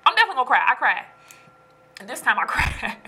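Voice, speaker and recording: Woman, casual vent to camera, breathy and bright, emphatic delivery. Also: fairly high pitch, fast. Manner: animated, emphatic, preachy. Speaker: storyteller venting to viewers. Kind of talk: casual chat.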